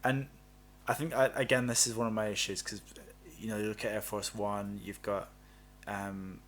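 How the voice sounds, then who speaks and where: A man's voice: on the low side, little pitch movement, normal speed, fairly bright tone, a little hiss or hum. A man, co-hosting a podcast and bantering easily, often laughing at his own jokes. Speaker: podcast co-host. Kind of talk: casual chat.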